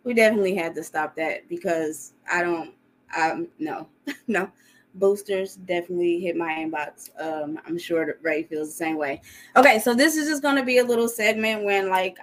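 A woman with a bright, clear tone talks her way through a podcast segment. She rambles and fills her sentences with "like," and often breaks into giggles. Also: medium pitch. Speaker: podcast co-host. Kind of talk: casual chat.

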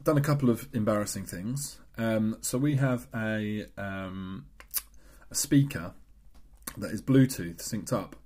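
A man's voice: on the low side, unhurried, a little mellow. A young man, co-hosting a casual podcast chat, laddish and laughing often at crude stories. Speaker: podcast co-host.

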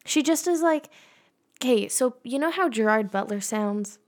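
Young woman, podcast co-host, casual chat, mocking rant, somewhat high voice. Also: normal speed. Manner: ranting, mocking, animated retelling.

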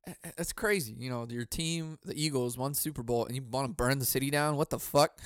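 A man's voice: mid-range voice, a little fast, smooth, no echo, studio quality. Laughing, cursing man on a podcast. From Southern California. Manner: profane, laughs often, bursts into loud mock yelling. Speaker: podcast host. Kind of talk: casual solo podcast chat. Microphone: boom mic.

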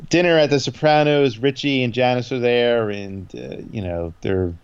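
A man co-hosting a podcast recaps an episode in casual chat, rambling with many fillers and quoted lines. His mid-range voice moves at a moderate pace, clean in tone but with lo-fi sound.

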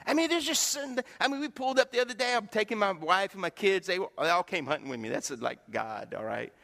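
A middle-aged man preaches a folksy, joking sermon. His voice sits high and bright and swings widely as he acts out the lines of people he quotes. A long hall reverb hangs behind every word. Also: expressive, fast talker, vocal fry. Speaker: pastor. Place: church sanctuary.

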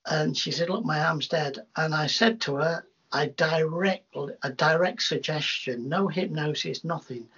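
A man, a hypnotherapist, telling rambling, animated anecdotes in a casual interview, with many restarts. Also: fairly high pitch, unhurried, hardly any pauses, husky. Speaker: hypnotherapist guest. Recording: dull lo-fi sound.

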